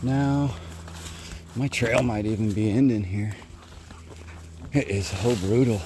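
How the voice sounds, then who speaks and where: Guy walking the woods training his bird dogs, deepish voice, noisy outdoor recording. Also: a little slow. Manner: calls loudly to his dogs while explaining. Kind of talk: walking field narration to camera. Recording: outdoor field recording with noise. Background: birds and outdoor sounds.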